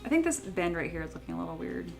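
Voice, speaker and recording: A woman's voice: fairly low pitch, big pitch swings, racing, vocal fry, a little mellow, soft background music. A young woman from California chatting casually while she works on a livestream, rambling and laughing often. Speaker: 3D sculptor streaming her work.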